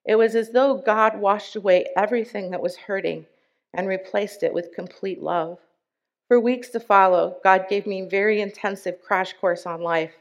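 A woman speaking at a church service, reading a member's testimony aloud in an earnest, deliberate way with emphatic pauses. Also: mid-range voice, fairly even intonation.

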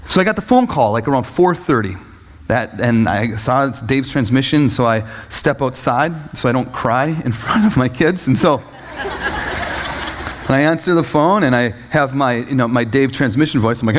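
A man preaching a sermon as he tells a personal story, acting out voices and leaping up in pitch when excited, laughing at times. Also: a little fast. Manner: animated storytelling, acts out voices, jumps high when excited. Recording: echoey hall reverb.

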